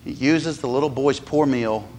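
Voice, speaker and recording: A man's voice: medium pitch, moderate pace, a little mellow, a little hiss or hum. A man, a pastor preaching a sermon earnestly and repeating words as he stresses each point. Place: church sanctuary. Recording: long hall reverb.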